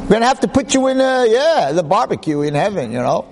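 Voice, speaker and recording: Man putting on a loud, high, scolding heavenly judge for a told story; comic, indignant. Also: big pitch swings, quick pace, long reverb tail, noisy background. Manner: shouting, scolding. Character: booming scolding male savior at heaven's gate.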